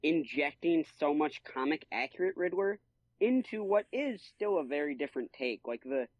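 A man's voice: on the high side, animated, normal speed, no room sound. An enthusiastic man chats on a podcast with plenty of slang. He keeps slipping into other voices to act out quotes. His sound is dry and a little muffled, like a cheap lo-fi mic. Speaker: podcast co-host. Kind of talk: casual podcast chat.

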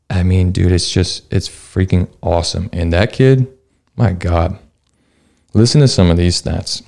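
A young man hosting a solo sports podcast, talking casually and excitedly, with lots of "man" and mild swearing. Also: low-pitched, clean tone. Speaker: podcast host.

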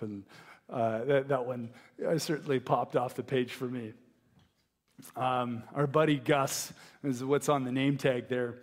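A man's voice: mid-range voice, fairly even intonation, unhurried, big-room sound. A man in his forties preaching a sermon, earnest and reflective, with many fillers and restarts. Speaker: pastor.

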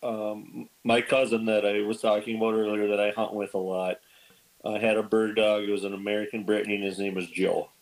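A man guest on a podcast, telling stories in casual chat, lively and animated, acting out quoted lines with big jumps in pitch. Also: brisk, low-quality recording. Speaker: podcast guest, bird dog kennel owner.

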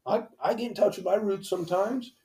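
A man's voice: high voice, a little fast, gravelly, warm tone. A man co-hosting a podcast, teasing his friends in crude, profane banter and laughing often. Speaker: podcast co-host. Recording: echoey room.

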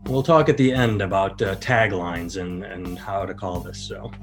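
A man's voice: low-pitched, moderate pace, soft background music. Man telling a club story on a podcast. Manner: storytelling, animated when quoting others. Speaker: podcast host and comedian. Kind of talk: casual podcast chat.

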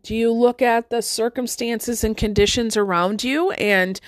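A woman's voice: on the high side, fairly even intonation, unhurried, no echo. A middle-aged woman life coach giving a motivational talk to listeners, conversational and full of rhetorical questions and "right?".

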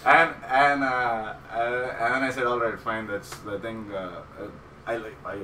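A man's voice: medium pitch, steady tone, measured pace, sharp tone. A man telling a long rambling story in casual chat, often laughing and stumbling over words. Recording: roomy, distant mic with background noise.

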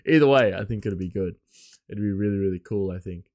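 A man hosting his podcast alone, rambling loosely and chuckling, his voice a bit hoarse. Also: on the low side, a little mellow, no echo, clean studio sound. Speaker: podcast host. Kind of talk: casual podcast monologue.

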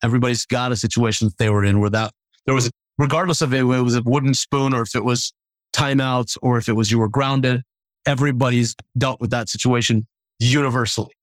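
A man who is a stand-up comedian, telling stories in a casual conversation. He talks in an animated way, laughing and acting out the voices of the people he quotes. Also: medium pitch, a little fast, no room sound.

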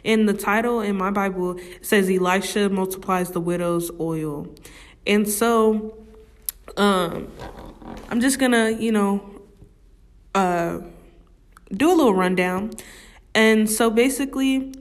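Slow-talking woman teaching the Bible. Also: medium pitch. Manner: slow, conversational, often asks "right?"; reads scripture slowly and deliberately. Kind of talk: casual Bible study talk.

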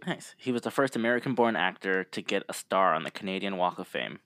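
A man with a lowish voice in relaxed podcast chat. He reads out trivia in a laid-back way and laughs easily. The recording is dry and close. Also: fast talker, dry recording. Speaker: podcast co-host. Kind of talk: casual chat.

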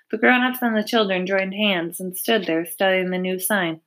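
Woman narrator, gentle steady read-aloud of a kids' story. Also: medium pitch, moderate pace, few pauses. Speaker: reader. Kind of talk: reading a children's novel aloud.

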